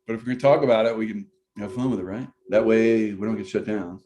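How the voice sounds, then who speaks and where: Middle-aged male host, lowish voice, loose rambling livestream chat on a computer mic. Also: steady tone, fast, hardly any pauses, over music. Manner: rambling, chatty, laughs often. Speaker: online show host.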